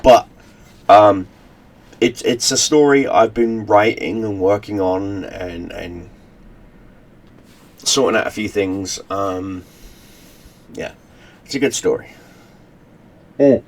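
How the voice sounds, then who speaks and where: Speaking slowly with frequent pauses, this channel host has a lowish voice. He gives a casual to-camera retelling of a story he wrote, full of fillers and restarts as he rambles.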